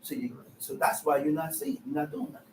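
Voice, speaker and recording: A man preaching with fervent, shouted emphasis in a call-and-response sermon. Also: a little high, brisk, a little hiss or hum. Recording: echoey room from far off.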